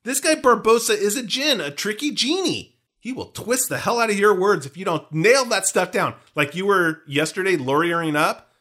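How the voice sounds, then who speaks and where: A man co-hosting a casual movie breakdown podcast, animated and playfully swearing. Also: high voice, moderate pace. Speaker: podcast co-host.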